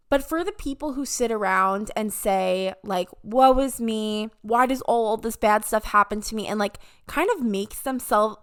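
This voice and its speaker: An upbeat young woman hosts her podcast with a motivational talk, her voice sitting a bit high. She slips into little imitations whenever she quotes someone. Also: fairly bright tone. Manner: upbeat, mimics voices when quoting. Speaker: podcast host. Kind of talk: casual motivational monologue.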